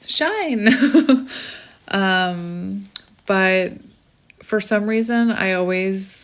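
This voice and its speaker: Chatty woman giving a tarot reading. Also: on the low side. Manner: chatty and rambling, often laughing at herself. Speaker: tarot reader. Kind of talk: casual spiritual reading.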